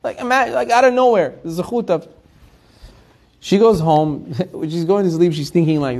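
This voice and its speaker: Animated man telling a story, slightly high. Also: vocal fry. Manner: animated storyteller, quick restarts and repeated words. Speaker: Torah teacher. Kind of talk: storytelling in a weekly Torah class.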